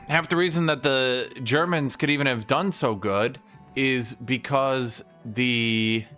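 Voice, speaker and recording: A man's voice: medium pitch, bright, forceful tone. Profane, opinionated male streamer. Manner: mimics historical nations in quick asides. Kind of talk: casual livestream rant while gaming.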